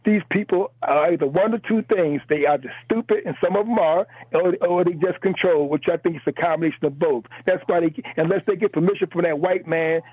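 A man's voice: fairly high pitch, fairly quick, few pauses, breathy edge, dry recording. A male radio caller giving impassioned commentary, emphatic and rambling, repeating words as he goes. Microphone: telephone. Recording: tinny phone line.

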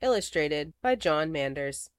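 A woman reading a children's picture book aloud, expressive and slowing for dramatic words. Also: low-pitched, dry recording, studio quality. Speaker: storybook reader.

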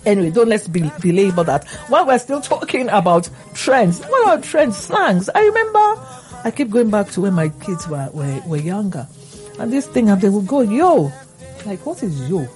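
A middle-aged woman, co-hosting a casual chat, animated and laughing often. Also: mid-range voice, moderate pace, faint music behind. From Nigeria.

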